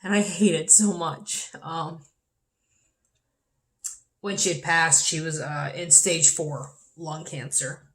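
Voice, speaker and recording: A woman's voice: low voice, fairly even intonation, slow pace, long pauses, a bit bright. A young adult woman vlogging a personal story, candid and swearing freely, her voice rising when she gets upset. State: dry mouth. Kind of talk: personal vlog, emotional storytelling.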